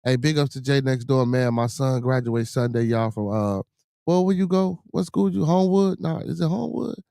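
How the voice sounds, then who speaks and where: A man hosts a casual livestream. He talks at a middling pitch and keeps pleading with chat for support and shouting out his regulars. The sound is close and dry, with no room around it. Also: normal speed, creaky, dry recording. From Chicago area. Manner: animated, begs chat for super chats and shouts out supporters. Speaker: livestream podcast host.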